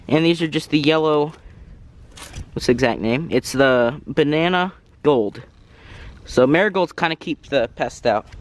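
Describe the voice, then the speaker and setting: A man giving a casual, rambling tour of his garden plants outdoors, a bit out of breath, often correcting himself. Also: fairly high pitch. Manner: rambling, self-correcting, apologetic asides. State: slightly out of breath. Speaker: gardening vlogger. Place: outdoors in a garden, cars passing.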